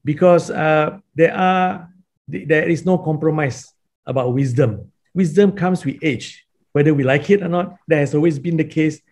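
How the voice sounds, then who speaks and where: Reflective professor, casual panel talk. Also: male voice, on the high side, moderate pace, darkish tone. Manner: reflective, conversational with "you know" and "right". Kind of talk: webinar panel answer.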